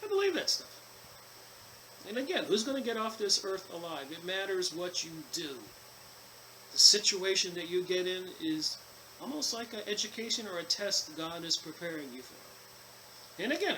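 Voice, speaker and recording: A man with a high, bright voice reads passages from a book aloud, then drifts into loose, repetitive commentary full of fillers and false starts. A faint hiss of background noise sits under the recording. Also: low-quality recording. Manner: rambling, repeats himself, many fillers and restarts. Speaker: channel host reading and commenting on a book. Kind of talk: casual book commentary mixing reading aloud and rambling asides.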